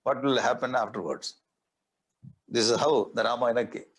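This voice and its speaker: Husky Indian-accented swami teaching. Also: male voice, mid-range voice, steady tone, moderate pace, a bit bright, low-quality recording. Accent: Indian English. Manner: explains verse by verse, repeating key words; recites Sanskrit verses. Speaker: swami giving a scripture discourse. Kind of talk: spiritual discourse.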